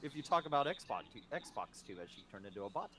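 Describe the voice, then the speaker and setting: A man's voice: medium pitch, sing-song, quick pace, a crowd in the background. A man co-hosting a podcast, joking and swearing in casual chat. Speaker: podcast co-host.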